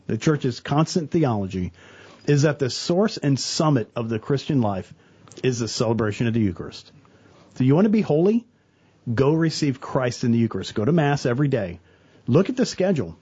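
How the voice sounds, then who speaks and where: A middle-aged man talks about faith with earnest energy. His husky voice rises and falls widely as he acts out his stories. The sound is dry and a little dull, like a lo-fi studio recording. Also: mid-range voice, normal speed. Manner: earnest, animated storyteller, quotes people in voices. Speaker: church worker, guest on a talk show. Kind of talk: casual faith talk.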